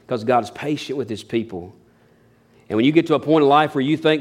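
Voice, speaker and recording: A man preaching a sermon in an animated, humorous, folksy way. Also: mid-range voice, brisk. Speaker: pastor.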